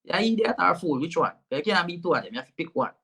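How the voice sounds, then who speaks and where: A man's voice: fairly high pitch, big pitch swings, fast talker, creaky, a bit bright, breathy edge. A young man with a Jamaican accent, a comedian guest speaking frankly and animatedly in a casual interview, often repeating words.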